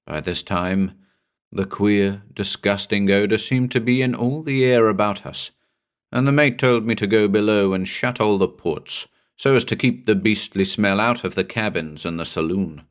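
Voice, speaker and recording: Low-voiced man reading a horror tale. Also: moderate pace. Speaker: audiobook narrator. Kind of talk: reading a horror story aloud.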